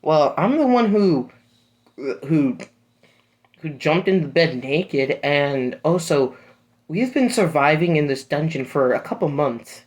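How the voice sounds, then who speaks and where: Man voicing a calm young woman, matter-of-fact, slightly high for a man. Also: takes it slowly.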